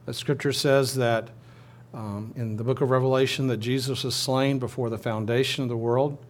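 A man preaching a sermon in a conversational manner, often restarting his phrases and leading his listeners in a responsive reading. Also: medium pitch. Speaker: pastor.

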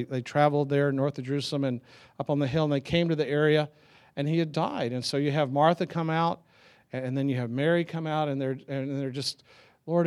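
Middle-aged man preaching, conversational and anecdotal, a touch higher-pitched. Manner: conversational storytelling with chuckles and restarts. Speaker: pastor. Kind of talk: sermon.

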